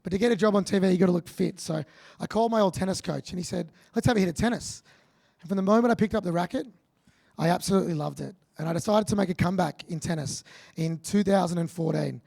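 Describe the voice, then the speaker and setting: An Australian man delivers a motivational keynote with punchy, joking energy. His voice sits high for a man, with a gravelly, husky edge. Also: fast talker. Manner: energetic, punchy, jokey with the audience. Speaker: keynote speaker.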